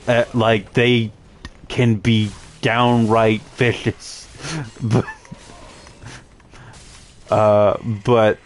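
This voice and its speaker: A man's voice: lowish voice, flat delivery, very slow, pauses often. A man streaming a game, chatting casually with many fillers and restarts. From Canada. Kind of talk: casual gaming chat.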